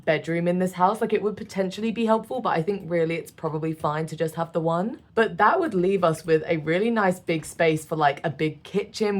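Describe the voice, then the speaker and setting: A young British woman chatting casually through a game build, self-deprecating and quick to laugh. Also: lowish voice. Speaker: gaming creator.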